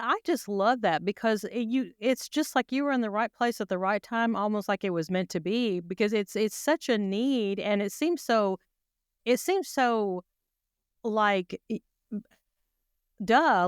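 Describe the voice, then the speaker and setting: A woman hosting an interview, enthusiastic and halting, restarting her sentences as she reacts to her guest. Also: on the high side, smooth, no room sound, clean studio sound. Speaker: podcast host. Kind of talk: conversational interview.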